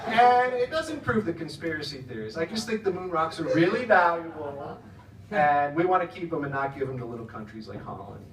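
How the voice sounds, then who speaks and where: An American man doing a stand-up set in a high, lively voice, rambling and chatty and chuckling at his own jokes. He is heard from some way off in an echoey club room with a faint hiss behind him. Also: a little fast, far from the mic, a crowd in the background. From United States. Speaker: stand-up comedian. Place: comedy club stage in the Netherlands.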